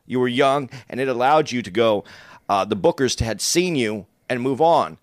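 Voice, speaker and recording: Measured man on a dry mic. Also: medium pitch, animated, no echo. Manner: careful, measured, rephrases his point. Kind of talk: casual podcast chat.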